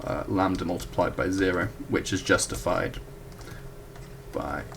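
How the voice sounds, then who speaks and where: A man's voice: low-pitched, steady tone, measured pace, gravelly, fairly bright tone, slight background noise. A young man talks casually through a math proof at a whiteboard, correcting himself and apologizing along the way. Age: young adult. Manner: chatty, self-correcting, apologetic asides. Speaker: student tutor.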